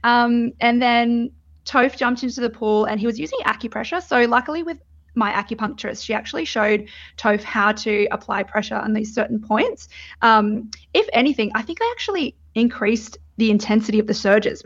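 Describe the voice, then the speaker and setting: Young aussie woman telling her birth story, candid and laughing a lot, voice a bit high, kinda dull lo-fi sound. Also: brisk. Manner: candid, chatty, laughs often, swears. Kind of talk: casual chat.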